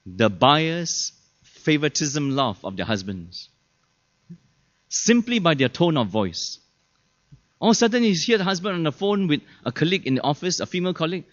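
A pastor preaches a sermon in a chatty style, peppering the audience with rhetorical questions and acting out the people he quotes in shifted voices. His voice is a little high with big pitch swings and a moderate pace, and the recording is dull and lo-fi.

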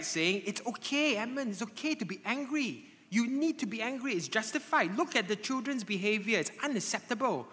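A man preaching a sermon to a congregation, animated and conversational, often checking in with tag questions like "right?" and "okay?". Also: on the high side. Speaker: pastor. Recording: long hall reverb.

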